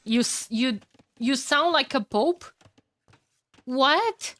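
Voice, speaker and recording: A young woman with a Romanian accent calls a strategy match live for her stream, chatty and easily excited. She bursts into loud exclamations and swears casually, recorded close and dry with no room sound. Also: high voice, slow pace, dry recording. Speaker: streamer casting games. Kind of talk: live game commentary and chat reading.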